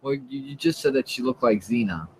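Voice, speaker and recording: Male co-host, mid-pitched, hesitant delivery full of fillers. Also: expressive, slight background noise, poor audio. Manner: halting, lots of uh and you know, restarts. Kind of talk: casual chat about comics and TV.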